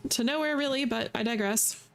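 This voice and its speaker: A woman's voice: on the high side, a little fast, creaky, soft background music. A woman streamer giving playful, chatty commentary while she plays a video game. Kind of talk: casual gameplay commentary.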